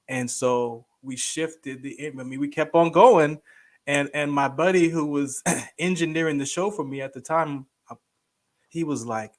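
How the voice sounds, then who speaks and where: A man in his thirties chatting on a morning talk show. He tells stories with a lot of movement in his voice, sitting a touch high for a man, and acts out the people he quotes. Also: unhurried. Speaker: radio host and guest co-host. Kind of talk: casual chat.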